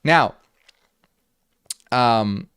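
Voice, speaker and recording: A man's voice: mid-range voice, drawn-out words, a bit bright, clean tone, dry recording, studio quality. A man hosting a talk, reading ancient passages aloud and explaining them in an earnest way that repeats itself and restarts. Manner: switches between reading passages aloud and casual paraphrase. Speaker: channel host.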